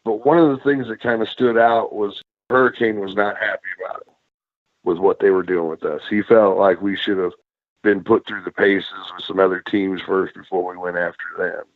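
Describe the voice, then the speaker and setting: A man's voice: low voice, normal speed, no echo. A man, a former wrestler, telling road stories as a podcast guest, cursing freely and acting out what others said. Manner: profane, animated storyteller, acts out quotes. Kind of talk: casual storytelling interview. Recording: dry, phone-like narrow sound.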